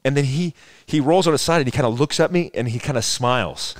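A man's voice: mid-range voice, quick pace, dry recording. A man in his forties, a former soldier, telling a rambling, profane story as a podcast guest. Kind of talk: casual storytelling conversation.

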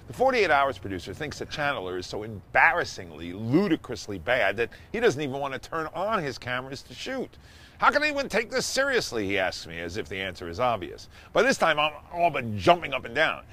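A man hosting a show, telling a story as a monologue in a wry, sarcastic way that rises to excited emphasis. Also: medium pitch, a little fast, hardly any pauses. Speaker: host and storyteller.

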